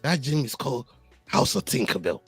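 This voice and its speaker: A man's voice: mid-range voice, sing-song, moderate pace, soft background music. A man hosting a casual MMA podcast who teases and needles his co-hosts, pressing them with questions. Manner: teasing, needling, laughs at others. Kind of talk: casual sports banter.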